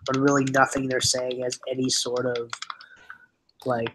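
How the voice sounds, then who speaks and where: Halting young man hosting a chat. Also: mid-range voice, monotone, background noise. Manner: halting, restarts words often. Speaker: channel host. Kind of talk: casual chat on a stream.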